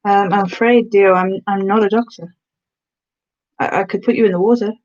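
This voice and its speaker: A woman's voice: mid-range voice, steady tone, moderate pace, darkish tone. Chatty woman streamer, dull lo-fi audio. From Black Country, England. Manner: chatty, answering viewers' comments. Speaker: ASMR streamer. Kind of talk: casual live-stream chat with giantess role-play.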